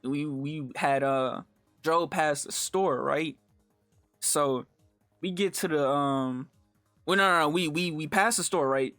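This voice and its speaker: A man's voice: slow pace, sharp tone, no echo, faint music behind. Slangy young man telling a story. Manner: slangy, profane, rambling with restarts; acts out quoted lines in swings of pitch. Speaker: storytime YouTuber. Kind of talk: casual storytelling over gameplay.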